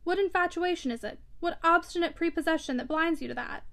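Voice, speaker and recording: An urgent, insistent young man pressing his case in a classic novel read aloud, given voice by a woman narrator. The voice sits high and presses hard on each plea. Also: fairly quick, vocal fry, a bit bright, full character voice. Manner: urgent, raised, insistent delivery. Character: impassioned young man, frustrated suitor.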